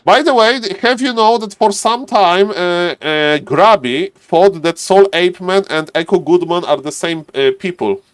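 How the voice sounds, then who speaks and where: A man's voice: high voice, animated, unhurried, hardly any pauses, fairly bright tone, clear, resonant tone, no echo. A man casually commentating a live strategy game, chatting to viewers and players as he goes. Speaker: esports caster.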